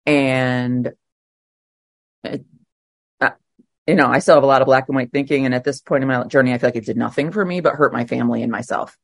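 A middle-aged woman speaking at a twelve-step meeting, sharing her recovery story in a candid, emotional way with halting fillers. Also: very deep voice, no room sound, studio quality. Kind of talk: personal recovery share.

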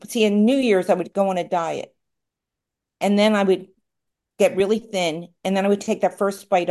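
A woman's voice: on the low side, darkish tone. Candid rambling woman sharing her story. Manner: candid, rambling, self-deprecating. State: tearful at times. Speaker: recovery meeting speaker. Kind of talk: personal share at a support meeting.

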